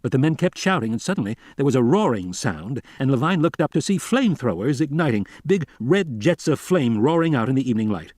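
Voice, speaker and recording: A man narrating a novel in a steady, even storytelling voice of middle pitch. The recording is dry and close, with no room echo. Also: brisk, few pauses. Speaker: audiobook reader.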